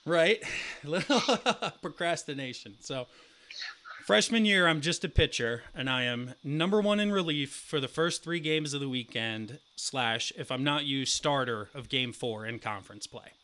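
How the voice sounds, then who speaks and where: A young man in his twenties co-hosting a casual sports podcast, telling a profane story and acting out the quotes loudly. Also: mid-range voice, lively intonation, normal speed, few pauses. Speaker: podcast co-host.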